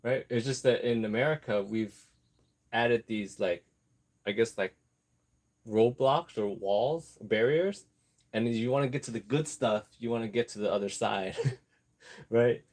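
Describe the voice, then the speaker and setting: A man's voice: medium pitch, unhurried, pauses often, darkish tone. Chatty, rambling man vlogging. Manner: chatty, digressive, laughs often, easily distracted; talks while sewing an apron. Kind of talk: rambling casual chat.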